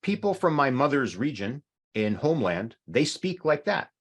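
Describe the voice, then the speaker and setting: Lively-voiced man teaching a class. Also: mid-range voice, moderate pace. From North America. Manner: patient, explains with examples. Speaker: language teacher.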